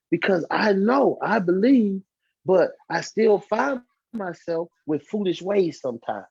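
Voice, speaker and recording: This guest's high, gravelly, husky voice moves with lively intonation at an unhurried pace as he narrates his life and imitates the people in his story. It's casual storytelling testimony, captured in a dull, lo-fi recording with no room sound.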